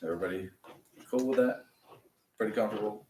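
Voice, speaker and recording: A man's voice: fairly low pitch, quick pace, mellow. A man teaching a class, explaining each step patiently. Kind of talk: classroom lesson. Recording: roomy, from a distance, faint noise.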